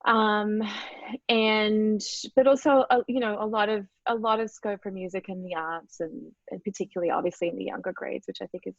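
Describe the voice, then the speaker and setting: This is a middle-aged woman with an Australian accent, speaking as an interview guest in a casual chat. She is warm and enthusiastic, with plenty of fillers. Her voice comes through a dull, dry video-call line. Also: medium pitch, fairly even intonation, normal speed, gravelly, no echo. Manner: chatty, enthusiastic, frequent fillers. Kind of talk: casual conversation.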